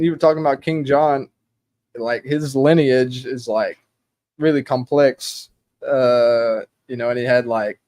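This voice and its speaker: A man speaks as a guest on a casual panel chat. He is halting and unsure, often stopping and sighing. His pitch sits in the ordinary middle range. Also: a little mellow.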